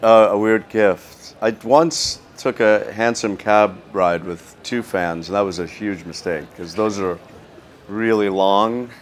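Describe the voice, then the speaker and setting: A man with a deep voice, a guest telling stories in a halting, self-deprecating way. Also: slight background noise. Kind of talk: casual chat.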